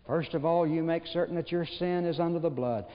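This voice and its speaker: A man's voice: a little high, a little fast. Folksy man preaching in a big hall. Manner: folksy storytelling, rhetorical questions, gentle humor. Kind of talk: sermon. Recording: dull recording with long hall reverb.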